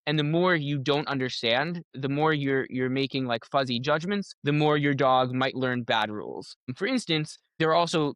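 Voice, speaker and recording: A man's voice: mid-range voice, moderate pace, few pauses, fairly bright tone, dry recording. A man, a podcast guest and AI safety researcher, explaining a technical idea in casual chat through playful analogies, often restarting his sentences.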